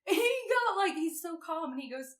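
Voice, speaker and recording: A woman recapping a novel in casual podcast chat, animated, swearing and laughing often. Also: extremely high pitch, moderate pace. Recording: roomy echo, distant mic.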